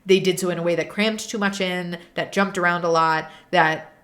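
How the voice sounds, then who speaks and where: A young adult woman hosting unscripted reaction commentary, ranting in an animated and exasperated way. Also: lowish voice, normal speed. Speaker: video essay host.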